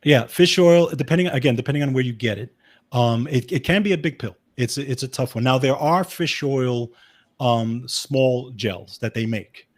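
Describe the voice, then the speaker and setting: A man with a Brooklyn accent talks through nutrition advice as a wellness specialist. His delivery is casual and explanatory, full of "okay" and quick restarts, at a pitch typical for a man.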